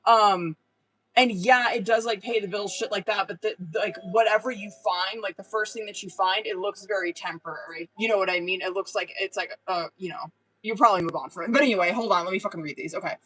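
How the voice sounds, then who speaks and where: A woman's voice: mid-range voice, brisk, sharp tone, poor audio. Casual swearing woman tarot reader. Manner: casual, swears often, filler-heavy. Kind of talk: live-stream tarot reading.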